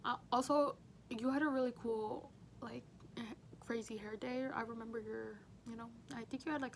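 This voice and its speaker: A woman's voice: fairly high pitch, steady tone, normal speed, creaky, a little hiss or hum. A woman in her twenties, a teaching assistant, speaking a casual, chatty farewell message full of "you know" and "like". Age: 20s. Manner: warm, chatty, many fillers like "you know".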